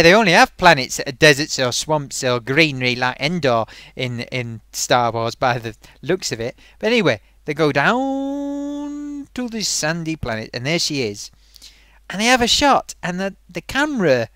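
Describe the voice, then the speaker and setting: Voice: mid-range voice, fairly bright tone, dry recording. A film reviewer ranting in a rambling, sarcastic, exasperated way, full of ums and little laughs. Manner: frequent fillers and amused laughs.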